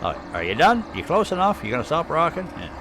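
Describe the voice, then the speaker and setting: A man's voice: a little high, huge pitch swings, fast, vocal fry, bright, forceful tone, slight background noise. A man from Canada with an Ottawa Valley accent, rambling and chatting casually as he streams live gameplay commentary. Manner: rambling, chatty, thinking aloud.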